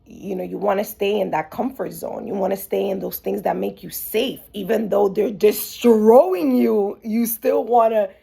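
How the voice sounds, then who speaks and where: A woman's voice: medium pitch, moderate pace, creaky, few pauses, warm tone, slightly rough. A woman hosting a podcast, telling her own story candidly in a chatty way, full of "like" fillers and restarts. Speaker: podcast host.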